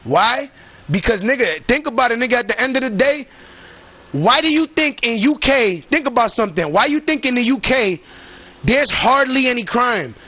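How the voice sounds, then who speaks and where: Man, high-pitched, rambling and profane, emphatic casual storytelling. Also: lively intonation, normal speed, sharp tone, no echo.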